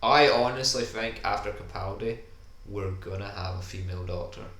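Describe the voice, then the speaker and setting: A man's voice: on the low side, moderate pace, a bit bright. A man co-hosting a casual podcast, chatting enthusiastically while they watch an episode, with lots of "kinda". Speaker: podcast co-host. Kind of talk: casual chat over a viewing. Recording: echoey room with faint ambient noise.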